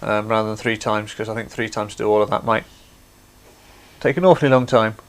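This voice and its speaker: A man's voice: fairly low pitch, steady tone, brisk. A man hosting a craft livestream, chatty and explaining things step by step. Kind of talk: casual demonstration.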